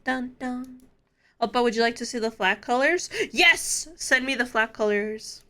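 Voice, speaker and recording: A young woman streamer with a bright, sharp voice and an unhurried way of talking. She chats casually with her viewers, giddy and quick to laugh. Her voice sits a little high. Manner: giddy, laughs often, talks straight to chat.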